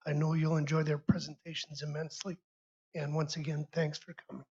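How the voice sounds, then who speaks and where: Male sponsor rep with a husky voice, halting delivery, dull lo-fi recording. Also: fairly high pitch, completely flat delivery, a little mellow. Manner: halting, stumbles over words. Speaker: sponsor representative. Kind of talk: short formal remarks. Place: convention session room. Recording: dull lo-fi sound.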